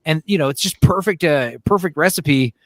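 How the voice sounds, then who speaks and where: A young man hosting a casual hangout chat, rambling and crude, with quick quoted voices thrown in. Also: fairly high pitch, no room sound, clean studio sound. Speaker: host.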